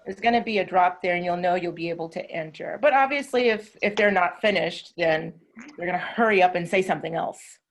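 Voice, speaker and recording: A woman with a Southern American accent, teaching an English class over a video call and explaining patiently with drawn-out words. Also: lowish voice. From southern United States. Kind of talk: online class instruction.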